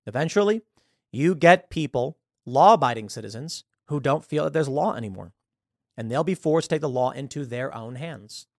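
A man hosting political commentary, talking in an animated and scornful way. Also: medium pitch, moderate pace, gravelly, no echo, studio quality. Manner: animated, acts out quoted voices, scornful. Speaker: show host.

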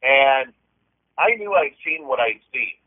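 A man's voice: mid-range voice, lively intonation. This man speaks as a guest on a call-in show, his mid-range voice coming through a thin, tinny phone line. He tells a personal story earnestly, often stopping and restarting his sentences. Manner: earnest, halting, frequent restarts. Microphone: telephone.

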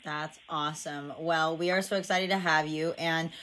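A woman's voice: low voice, steady tone, moderate pace, a bit bright. A woman co-hosting a casual podcast, joking around and repeating words for laughs. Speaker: podcast co-host. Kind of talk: playful casual podcast chat.

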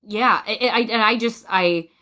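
A woman co-hosting a casual film discussion podcast, talking in an animated way and acting out quoted lines with big swings in pitch. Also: measured pace. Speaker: podcast co-host.

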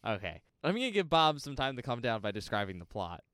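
A man's voice: medium pitch, fast, clear, resonant tone, no echo, clean studio sound. A young man co-hosting a casual movie podcast, explaining film history and teasing his friend. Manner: teasing, animated when making a point. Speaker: podcast co-host.

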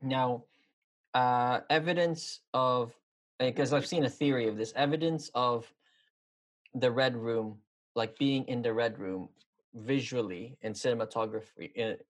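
A man's voice: mid-range voice, normal speed. Rambling man in casual chat. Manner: rambling, hesitant with many fillers.

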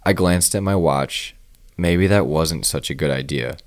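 Very deep-voiced male storyteller. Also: a little slow. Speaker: narrator. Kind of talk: first-person horror story narration.

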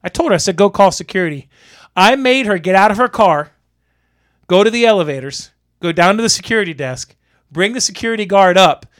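A man co-hosting a podcast, telling a story in casual chat, animated and profane, acting out the people he quotes. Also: high-pitched, brisk, no echo, clean studio sound. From Florida. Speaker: podcast co-host.

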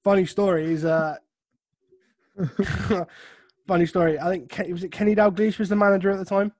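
Wry storytelling man, slightly high voice. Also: fairly even intonation, normal speed, darkish tone, dry recording, studio quality. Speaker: podcast co-host. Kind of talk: casual football chat.

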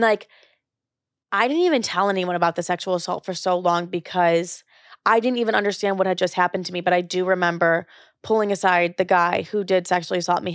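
Young woman host, solo podcast, mid-pitched, blunt and profane, chatty fillers, dry booth sound. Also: no room sound. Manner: candid and profane, many "like" fillers. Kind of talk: casual solo podcast talk.

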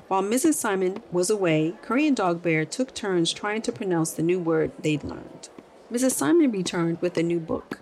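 A woman hosting a children's podcast and narrating a story in an expressive read-aloud style. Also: lowish voice, moderate pace, slight background noise.

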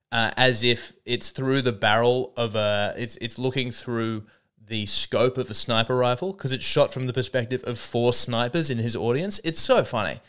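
A man around thirty with an Australian accent, a comedian hosting a podcast, telling stories in a rambling, animated way with lots of restarts. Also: mid-range voice, clean tone. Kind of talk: casual comedic monologue.

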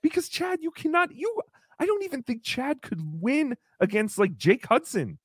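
A woman's voice: high-pitched, lively intonation, moderate pace, slightly rough, dry recording, studio quality. A woman hosting a podcast, giving sarcastic, theatrical commentary on a comedy roast. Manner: sarcastic, theatrical, slips into mocking voices. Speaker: podcast host.

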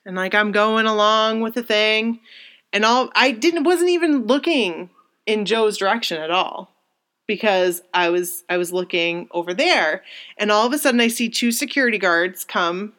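A young woman co-hosting a casual chat, retelling a story in an excited, rambling and emotional way, full of fillers and restarts. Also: medium pitch, normal speed. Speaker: co-host.

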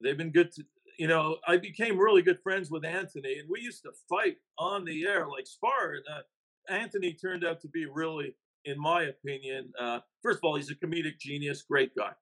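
High-voiced man, emphatic author guest. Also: normal speed, fairly bright tone, rough recording. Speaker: author and investigative reporter guest. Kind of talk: casual podcast interview.

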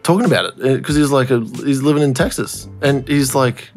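A man's voice: mid-range voice, brisk, faint music behind. A man co-hosting a podcast in casual chat, rambling and swearing, with lots of fillers. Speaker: podcast co-host.

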